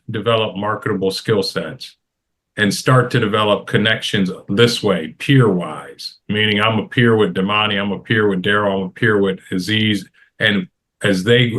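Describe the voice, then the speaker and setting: A man's voice: fairly low pitch, fairly bright tone. Emphatic middle-aged man giving advice. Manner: emphatic, repeats phrases for stress, gives advice. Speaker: roundtable panelist. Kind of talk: casual roundtable discussion.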